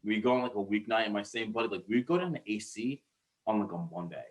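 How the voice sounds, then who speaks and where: Casting: man in his thirties, podcast co-host, low voice, rambling storyteller with a loose mouth. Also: animated, fast talker, crowd noise. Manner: rambling storyteller, swears freely, restarts sentences. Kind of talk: casual podcast chat.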